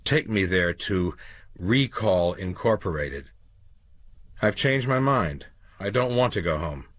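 A man's voice: low-pitched, expressive, slow, fairly bright tone, husky, dry recording, clean studio sound, full character voice. Man voicing an agitated, angry clerk. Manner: agitated, insistent. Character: anxious angry male clerk, middle-aged.

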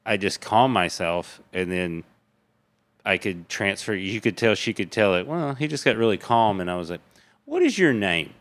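A man from Tennessee, a comedian guest on a casual podcast, telling animated, profane stories. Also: fairly low pitch, normal speed. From Tennessee, USA.

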